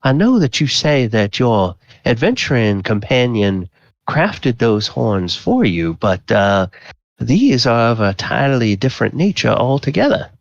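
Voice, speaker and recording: A man voicing a smarmy, flattering man at a masquerade who courts a lady with hesitant, oily politeness. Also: medium pitch, measured pace, vocal fry, dry recording, highs cut off. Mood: smarmy flirting. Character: smarmy flirting man at a ball.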